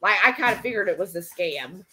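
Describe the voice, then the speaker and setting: Slight background noise accompanies a woman with a fairly low, sharp-toned voice who speaks briskly and animatedly. Hosting a live cooking stream in her home kitchen, she reads viewer comments out loud in a chatty, filler-heavy ramble.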